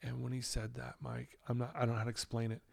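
A man telling a personal story as a podcast guest, candid and animated. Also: medium pitch, fast, creaky, no echo. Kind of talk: storytelling in a casual interview.

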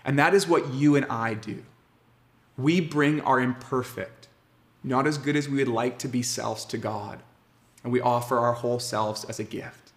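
Man, pastor, sermon, earnest, emphatic pauses, mid-range voice, echoey church room. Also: medium pitch. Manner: earnest, warm preaching with slow emphatic pauses. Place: church sanctuary.

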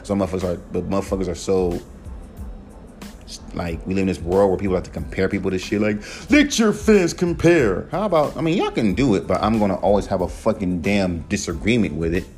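A man hosting his own podcast, ranting casually and profanely about rap and his music with emphatic, animated delivery. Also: deep voice, fast. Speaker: podcast host and rapper. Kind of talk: casual solo podcast rant.

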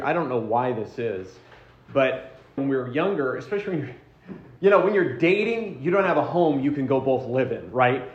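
Man teaching a marriage class in a roomy hall. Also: mid-range voice. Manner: casual, repeats and restarts words, asks the group questions. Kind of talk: conversational teaching to a group. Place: room with a group. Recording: roomy, dull lo-fi sound.

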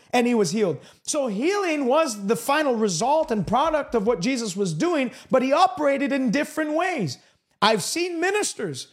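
High-voiced man preaching a sermon. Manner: storytelling, emphatic with sudden pitch jumps.

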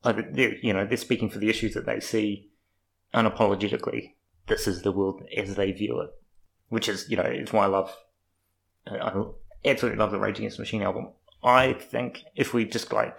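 A man's voice: on the low side, steady tone, a little fast, vocal fry, poor audio. A young man from New Zealand in casual, rambling chat, swearing freely as he talks about life abroad.

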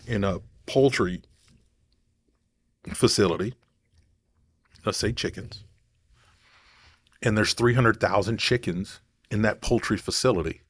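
A man's voice: on the low side, slightly rough, dry recording. A man talking casually to camera in a rambling, digressive way, thinking aloud as he goes. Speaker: vlogger.

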